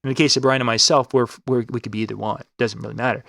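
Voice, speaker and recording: A man in the middle of his range chats on a live web show, rambling and restarting as he pitches a contest. His voice is close and dry, with no room around it. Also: fairly even intonation, very fast, gravelly, fairly bright tone, no room sound. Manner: rambling, restarts and fillers, upbeat promo talk. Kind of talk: casual live-stream chat.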